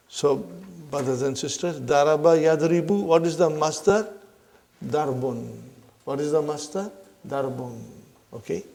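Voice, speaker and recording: A man teaches a grammar class at an unhurried, measured pace, his voice sitting a little high and carrying a rough, gravelly texture. He keeps asking his students questions and calls them brothers and sisters. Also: warm tone. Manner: repeats questions to the class, checks understanding with "huh?" and "are you with me"; addresses listeners as brothers and sisters. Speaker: Arabic language teacher.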